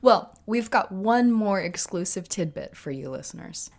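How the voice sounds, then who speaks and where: A woman co-hosts a teaching podcast with eager, enthusiastic banter. She speaks at a mid pitch in easy, casual conversation. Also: lively intonation, normal speed, creaky, darkish tone. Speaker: podcast co-host.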